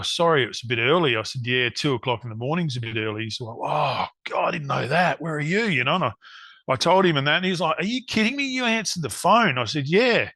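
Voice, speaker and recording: An Australian man talks in a loose, rambling way, slipping into other people's voices as he tells a story. His tone is bright and forceful. The sound is dry and close. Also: mid-range voice, no room sound. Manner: rambling storyteller, acts out quotes. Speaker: guest, hunting cook. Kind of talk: casual podcast chat.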